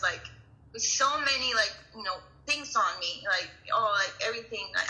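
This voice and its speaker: A young woman giving an earnest personal testimony in a class, talking in halting, restarting phrases. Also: fairly high pitch, sharp tone, rough recording. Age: young adult. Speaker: coach sharing her story in a class.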